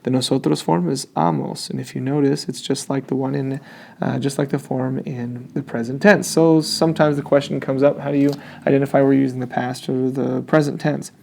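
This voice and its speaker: A man's voice: mid-range voice, little pitch movement, a little fast, creaky, a little mellow, slight background noise. A man teaching a Spanish grammar lesson, explaining step by step and checking in often.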